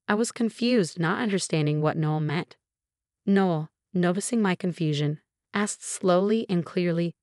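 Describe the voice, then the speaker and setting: Steady woman narrating a story. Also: fairly low pitch, a little slow, no echo, clean studio sound. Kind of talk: scripted narration.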